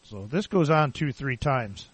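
A man's voice: mid-range voice, expressive, unhurried, no echo. A man co-hosting a casual podcast, telling crude bar jokes in a laid-back way. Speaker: podcast co-host.

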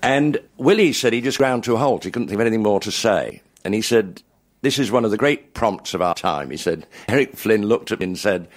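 Older male raconteur, very low voice, genial anecdotes, chuckles at his own punchlines. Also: animated, brisk. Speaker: after-dinner raconteur. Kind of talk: anecdotal storytelling to a live audience.

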